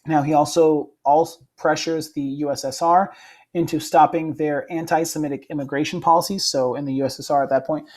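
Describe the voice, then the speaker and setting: A young male history teacher giving a casual recorded lecture, often checking in with "right?" and filling pauses with "uh" and "um.". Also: on the high side, fairly even intonation, darkish tone. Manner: casual, frequent "right?" check-ins and fillers.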